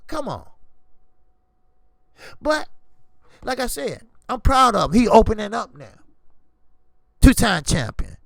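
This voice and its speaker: A man's voice: high voice, gravelly, dry recording, clean studio sound. A man hosting a boxing livestream, talking casually and emotionally with lots of swearing. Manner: animated, swearing, emotional storytelling.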